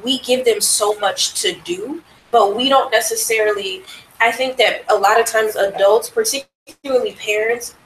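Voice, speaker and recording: A woman's voice: fairly high pitch, a bit bright, slight background noise. Thoughtful woman commenting in class. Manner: thoughtful, measured, with fillers. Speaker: class member. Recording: roomy room, faint ambience.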